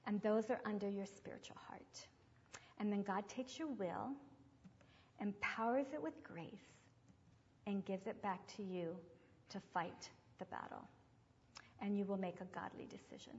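A woman's voice: medium pitch, unhurried, long pauses. A woman giving a sermon, teaching through stories and acting out the voices of people she quotes. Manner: animated storyteller who acts out quoted voices. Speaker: religious speaker. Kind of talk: sermon with storytelling. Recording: dull lo-fi recording in a reverberant hall.

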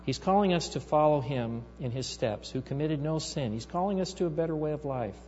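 A man's voice: on the high side, lively intonation, a little fast, darkish tone, faint music behind. A male pastor preaching a sermon, telling a story and building to emphatic rises. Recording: reverberant hall, dull sound, mains hum.

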